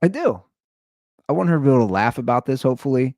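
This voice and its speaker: A man in his thirties hosting a podcast, telling stories in a blunt, profane, animated casual rant. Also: medium pitch, quick pace, no echo, studio quality. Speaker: podcast host.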